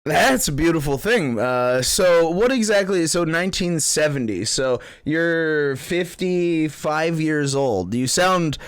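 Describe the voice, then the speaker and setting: A man's voice: a little high, lively intonation, slow pace, hardly any pauses, clean tone, no room sound. A man hosting a comedic call-in show, playful and laughing often. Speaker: host.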